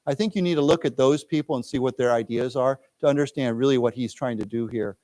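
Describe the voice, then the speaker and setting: An American man giving an English lesson in a library lecture room, reading news phrases slowly for the class to repeat and patiently explaining words. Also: mid-range voice, mellow. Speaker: English teacher.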